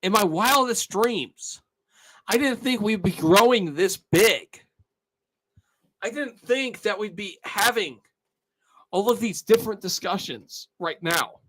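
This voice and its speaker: A man in his twenties speaks slowly to viewers of his channel in a high, bright, forceful and expressive voice. His casual monologue is earnest and emotional, and he's tearing up as he repeatedly asks "all right?"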